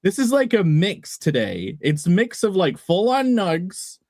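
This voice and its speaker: Man co-host from England, animated and jokey, dry close sound, video-call feel. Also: high-pitched, a little slow, dry recording. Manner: jokey, rambling, lively. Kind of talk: casual podcast chat.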